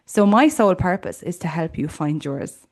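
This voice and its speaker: A woman's voice: lowish voice, animated, moderate pace, a little mellow. A woman with an Irish accent hosting a podcast, talking earnestly and reflectively in a personal monologue with casual fillers. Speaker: podcast host.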